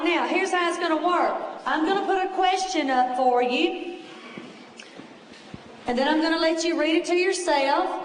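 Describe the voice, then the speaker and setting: A woman's voice: sits high, slight background noise. A woman teaching a test prep class, talking in a chatty, reassuring way. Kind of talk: lecture to a class. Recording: echoey room, voice far from the mic.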